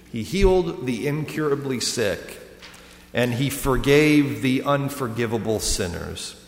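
A man, a pastor, preaching a sermon and telling jokes, going from loud to soft. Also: medium pitch. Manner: storytelling, swinging between loud and soft. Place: church sanctuary. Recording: echoey hall reverb.

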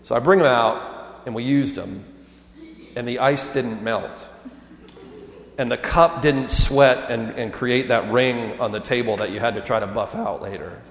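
Pastor preaching in an echoey hall. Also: male voice, medium pitch, vocal fry. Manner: conversational storytelling with humor. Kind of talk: sermon. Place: church sanctuary. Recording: echoey church hall with long reverb.

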